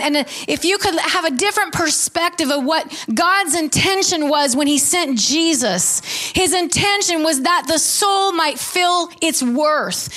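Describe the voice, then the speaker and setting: High-voiced woman preaching emotionally. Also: bright, forceful tone. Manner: emotional, emphatic preaching with restarts. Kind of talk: sermon. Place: church hall before a congregation.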